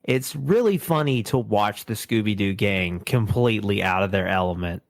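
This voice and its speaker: A man's voice: fairly low pitch, moderate pace, gravelly, no echo. A man co-hosting a casual podcast chat, retelling scenes with a laugh and quoting characters as he goes. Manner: laughing, animated retelling with quoted voices. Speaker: podcast host.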